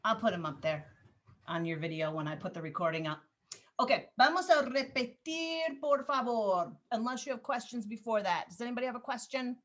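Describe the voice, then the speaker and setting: A woman teaching a Spanish class over a video call, patient and encouraging, drilling words slowly. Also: on the high side.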